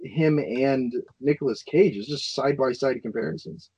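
A man's voice: mid-range voice, moderate pace, dark tone, slightly rough. A man in a casual podcast chat who reacts with incredulous exclamations, on a dull lo-fi mic.

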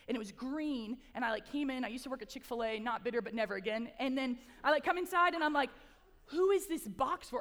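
A young woman with a high, bright-sounding pitch gives a relaxed, conversational sermon, chatty and animated in the way she talks. Her voice rings out with a long reverb, as in a large hall. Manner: chatty, animated, frequent "like" and "right?". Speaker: speaker. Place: large hall before an audience.

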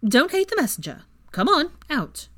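A woman voicing a bossy, teasing young witch, raised in pitch, in a fan fiction reading. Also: sing-song, a bit bright, dry recording, clean studio sound. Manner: brisk, commanding, mock-sweet when acting posh.

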